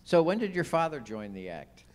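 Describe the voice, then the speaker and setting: A man's voice: a little high, big pitch swings, moderate pace, a little mellow, in a large hall. A man interviewing a guest on stage, asking brief, plain questions.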